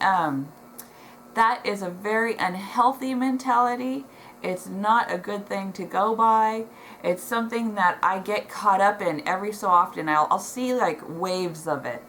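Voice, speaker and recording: A middle-aged woman vlogs from home, speaking to the camera in a heartfelt, emotional way with lots of ums and restarts. Her voice is mid-range and a bit bright, and she's reading notes placed below the camera in front of her. The audio is poor, with a little hiss or hum.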